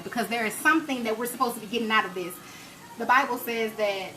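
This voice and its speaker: Brief: woman, late 30s, bright and forceful voice, chatty and preachy host on a live cooking stream, faint noise behind. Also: on the high side, low-quality recording. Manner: chatty, preachy, encouraging faith talk. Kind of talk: live-stream chat with viewers. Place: home kitchen.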